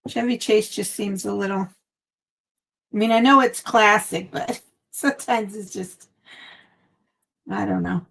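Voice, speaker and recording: A woman with a gravelly, creaky voice at an everyday middle pitch chats while she paints at home. She rambles from one thought to the next, trailing off with "um" and "like". It sounds like a phone recording at her craft table. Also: fairly even intonation, a little slow, pauses often, a bit bright, slight background noise. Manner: chatty, meandering, trails off with fillers. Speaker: craft channel host. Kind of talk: casual live-stream chat while crafting.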